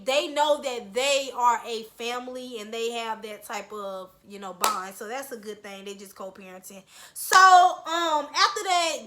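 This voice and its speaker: A woman's voice: high-pitched, sharp tone. A young woman giving a blunt, profane casual recap of a reality show, scolding the cast as she goes. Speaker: reality TV reviewer.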